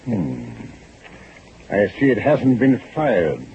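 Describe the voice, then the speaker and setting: An actor playing a stern, shrewd police inspector in a 1940s-style radio drama, probing and dryly sarcastic. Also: male voice, on the low side, big pitch swings, slow. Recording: lo-fi old radio recording with faint hiss.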